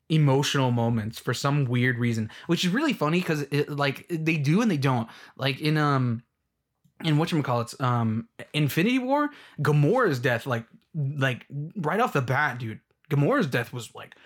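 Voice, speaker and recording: A young man in a casual rant, rambling and exasperated, full of filler words. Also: medium pitch. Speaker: movie fan ranting.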